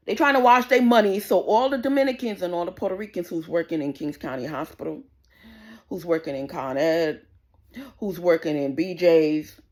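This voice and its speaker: Vlogger type: a fired-up New woman, lower-pitched, repeats herself and swears as she vents. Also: darkish tone. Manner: indignant, swearing, repetitive storytelling. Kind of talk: casual rant to camera.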